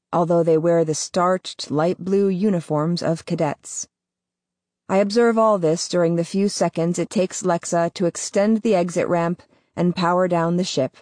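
Low-voiced woman narrating an audiobook. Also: a little mellow, no room sound. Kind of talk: scripted first-person audiobook narration.

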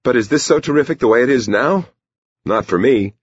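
A man's voice: medium pitch, animated, brisk, husky, no room sound, pitched above the performer's own voice. A man doing a frail, thin-voiced visionary. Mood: haunted. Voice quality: weak, thin voice. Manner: plaintive, quietly pleading. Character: frail hunched man, strange, mournful visionary. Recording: dull lo-fi recording.

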